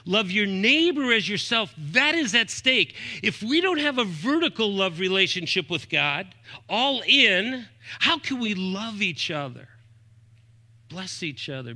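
Bright-voiced emphatic male pastor preaching. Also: high voice. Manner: emphatic preacher, rising and dropping to soft asides; often quotes scripture references aloud. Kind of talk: sermon.

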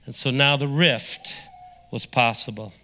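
A man preaching a sermon as pastor, energetic and drawing the congregation into call-and-response. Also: medium pitch, measured pace. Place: church sanctuary. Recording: long reverb of a large hall.

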